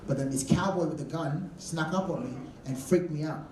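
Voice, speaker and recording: A man's voice: on the high side, normal speed, a little mellow, distant mic. A man doing a live stand-up comedy set, telling crude, swearing stories with stammered restarts. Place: comedy club stage. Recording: roomy club sound from off-mic, with audience noise. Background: audience laughter.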